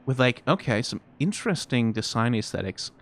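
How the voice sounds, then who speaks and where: A man reacting to game character designs in casual, rambling commentary, full of fillers, restarts and sudden excited jumps. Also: a little fast, slight background noise. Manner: rambling, frequent fillers and self-corrections; animated, pitch jumps when excited.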